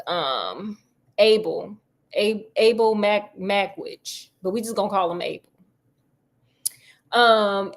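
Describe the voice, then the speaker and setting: A woman host retelling a classic novel in casual chat, slangy and joking, with plenty of asides. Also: medium pitch. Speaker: storyteller host.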